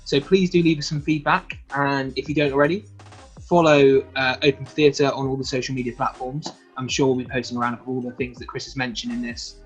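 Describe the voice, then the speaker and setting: A man's voice: medium pitch, level tone, brisk, breathy edge, soft background music, low-quality recording. A man hosting an interview, asking questions in a friendly, hesitant way with many fillers. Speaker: interviewer host.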